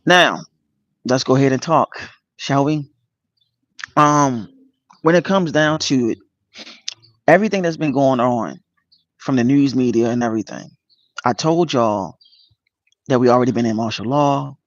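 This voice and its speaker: A man hosting a casual livestream, greeting viewers by name and speaking earnestly and emotionally about his spiritual path, with many pauses and fillers. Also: medium pitch, dry recording. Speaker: channel host. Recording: dull lo-fi dry sound.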